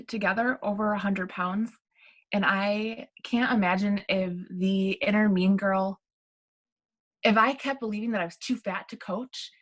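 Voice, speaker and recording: A woman's voice: mid-range voice, a bit bright, low-quality recording. A woman coach giving an earnest, encouraging personal testimony on a webinar.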